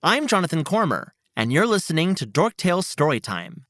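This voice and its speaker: A man hosting a children's storytelling podcast, talking in a bright, animated, playfully bewildered way. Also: fairly high pitch, brisk, no room sound, studio quality.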